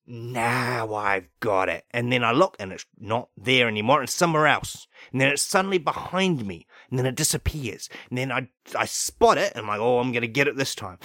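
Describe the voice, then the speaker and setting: A man's voice: medium pitch, sharp tone, no room sound, close to an everyday voice. A man voicing an indignant male demon king who keeps getting treated like a cat, ranting and asking "right?" over and over. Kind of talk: improvised comic monologue.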